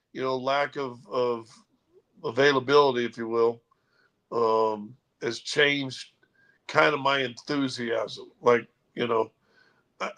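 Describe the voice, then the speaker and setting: A man hosting a casual sports talk show, telling animated stories and mimicking others. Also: mid-range voice, poor audio. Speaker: sports radio host.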